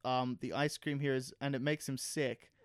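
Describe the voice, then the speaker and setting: Man, podcast co-host, loose rambling banter with swearing, smooth clear voice, dry close sound. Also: mid-range voice, fairly even intonation, normal speed, no echo. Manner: rambling, swears casually, jokey. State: hot and sweaty. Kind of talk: casual chat.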